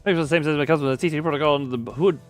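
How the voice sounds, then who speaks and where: Male game streamer, rapid rambling chatter, light music bed. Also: on the high side. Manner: rambling, excitable, reads game text aloud. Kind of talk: casual game stream commentary with chat dice rolls.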